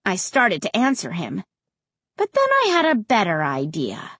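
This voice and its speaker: A woman reading a first-person storybook aloud in an expressive, dramatic way. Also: medium pitch, normal speed, husky, no room sound. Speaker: audiobook narrator.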